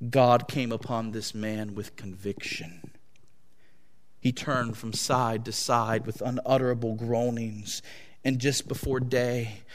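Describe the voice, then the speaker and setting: A male preacher telling a dramatic story in a sermon, in a solemn, weighty manner. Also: medium pitch. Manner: slow, solemn and dramatic reading. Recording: long echo of a large hall.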